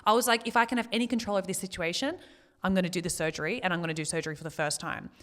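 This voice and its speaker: A young woman, sharing a painful personal story as a podcast co-host, emotional and near tears at times but quick to laugh. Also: lowish voice, fairly even intonation, fairly bright tone.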